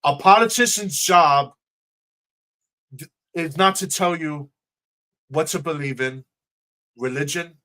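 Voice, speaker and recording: A man's voice: on the high side, slow, long pauses, bright, forceful tone. A man, a political candidate answering questions on a livestream video call in an earnest, emotional, repetitive way.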